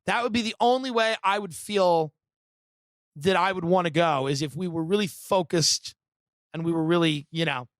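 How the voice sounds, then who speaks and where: A comedian from the United States on a podcast, telling a long story in a sardonic, animated and provocative way. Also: male voice, high-pitched, normal speed, dry recording.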